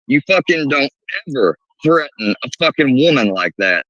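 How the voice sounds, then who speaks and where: Muffled, lively stream host cursing. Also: male voice, medium pitch, moderate pace, no room sound. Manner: angry, profane and confrontational. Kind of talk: heated live stream argument. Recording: muffled lo-fi mic.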